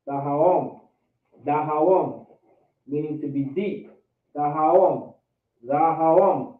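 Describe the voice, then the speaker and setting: A man's voice: a little high, slow pace. A man teaching a class, drilling vocabulary and pronunciation by repeating each word again and again, with an American accent, over an online call. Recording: tinny, echoey, distant call audio.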